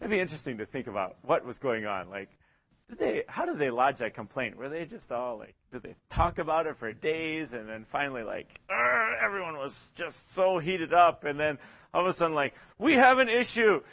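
High, bright-voiced man leading Bible study. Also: lively intonation, brisk, highs cut off. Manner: hesitant, chuckling, acts out quotes. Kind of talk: casual interactive Bible teaching.

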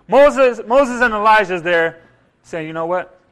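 A man delivers a sermon with a high, bright, ringing voice. He is animated, slipping into little acted-out voices and rising loud to hit his points. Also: unhurried, clean tone. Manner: animated, acts out voices, rises loud for emphasis. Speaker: preacher.

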